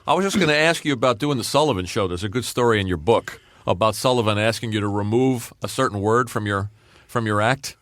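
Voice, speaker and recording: A man's voice: lowish voice, quick pace, a bit bright, no room sound, clean studio sound. A man hosting a podcast, asking questions politely with brief interjections. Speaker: podcast host.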